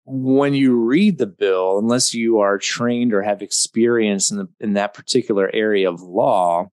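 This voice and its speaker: A man's voice: fairly low pitch, measured pace, darkish tone, clear, resonant tone, no echo. A man moderating a webinar discussion over a video call, adding wry, clarifying asides. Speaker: communications director, webinar moderator.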